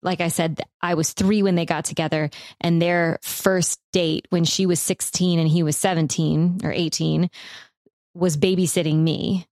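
A woman in her thirties telling a personal story in a relaxed, rambling way, with lots of fillers as she co-hosts a podcast. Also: on the low side, moderate pace, dry recording, clean studio sound. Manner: reflective, rambling with frequent fillers.

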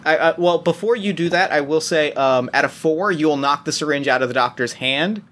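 A man narrating as game master, talking in halting bursts full of restarts and fillers. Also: a little high, fairly bright tone, a little hiss or hum.

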